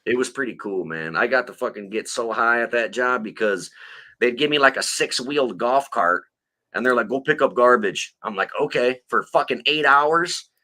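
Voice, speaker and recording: A man's voice: medium pitch, animated, normal speed, sharp tone. A man co-hosting a podcast, telling rambling, profane stories in casual chat. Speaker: podcast co-host.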